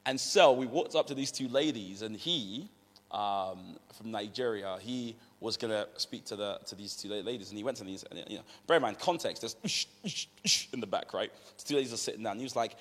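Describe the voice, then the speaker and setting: A man giving a conversational sermon from England, telling animated stories and acting out what people said. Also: medium pitch, normal speed. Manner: conversational, animated storytelling, acts out quotes. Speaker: preacher. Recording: long reverb of a large hall.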